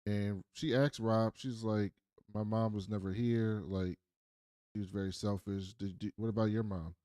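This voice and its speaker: A man's voice: lowish voice, normal speed, no echo, studio quality. A man co-hosting a casual TV recap podcast, retelling scenes and acting out the characters' lines. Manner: animated storytelling, acts out characters' lines. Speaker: podcast co-host.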